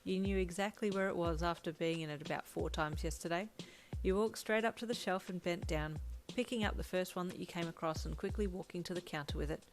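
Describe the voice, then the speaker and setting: Woman narrating over soft music. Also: on the low side, fairly quick. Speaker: fanfiction narrator. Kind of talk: second-person story narration. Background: lo-fi drum loop.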